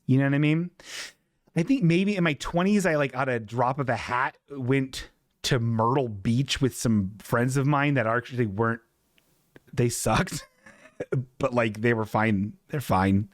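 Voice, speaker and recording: A man hosts a live comedy stream in a loose, rambling way, swearing and laughing as he goes. His voice sits in a middle pitch and is recorded close and dry, with no room sound around it. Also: unhurried, no echo. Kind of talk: rambling casual chat.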